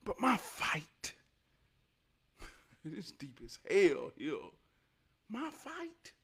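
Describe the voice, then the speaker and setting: Animated man telling a street story. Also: sits high, very slow, breathy edge. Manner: animated, loud bursts, drops to hushed tones. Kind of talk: casual storytelling vlog.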